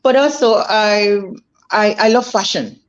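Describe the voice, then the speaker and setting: A woman's voice: medium pitch, a little slow, muffled recording. A woman being interviewed as a guest, earnest and thoughtful, often repeating words as she thinks aloud. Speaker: interview guest, food entrepreneur.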